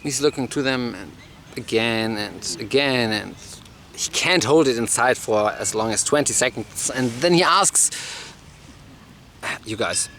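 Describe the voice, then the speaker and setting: A man's voice: medium pitch, measured pace, fairly bright tone, a little hiss or hum. A man telling a long rambling joke story, full of fillers and restarts.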